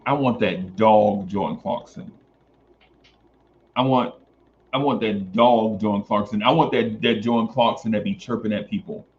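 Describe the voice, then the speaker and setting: Male sports stream host, casual and animated, repeats lines for emphasis, muffled lo-fi sound. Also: on the low side, normal speed, slight background noise. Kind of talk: casual sports talk stream, reading chat. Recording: dull lo-fi stream audio.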